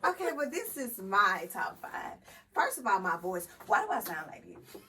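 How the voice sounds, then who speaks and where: Animated, laughing woman, off-mic. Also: mid-range voice, normal speed, recorded from a distance, a little hiss or hum, low-quality recording. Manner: animated, laughing, self-mocking. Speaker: podcast co-host. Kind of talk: casual chat.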